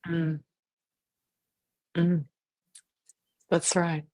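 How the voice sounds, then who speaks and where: A woman hosting an interview, speaking in a calm, affirming way. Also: on the low side, extremely slow. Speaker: host. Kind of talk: interview conversation.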